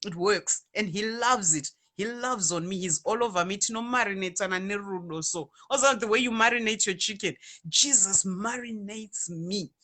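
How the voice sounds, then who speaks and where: Bright-voiced Zimbabwean woman. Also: medium pitch, a little fast, hardly any pauses. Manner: animated, mixing Shona and English. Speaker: online radio DJ and ministry speaker. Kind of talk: casual talk to viewers.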